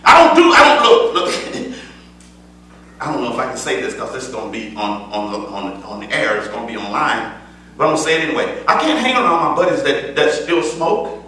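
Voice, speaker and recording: A man preaching a sermon in a church. He stresses his points by repeating phrases, and he moves between loud declaiming and soft asides. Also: medium pitch, huge pitch swings, a little fast, a little hiss or hum. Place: church sanctuary. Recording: echoey church from a distance.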